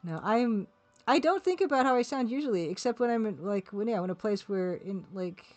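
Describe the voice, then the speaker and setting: A woman's voice: mid-range voice, expressive, a little fast, darkish tone. Canadian woman, casual livestream chat, rambling, self-deprecating, faint music behind. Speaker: artist streaming her work.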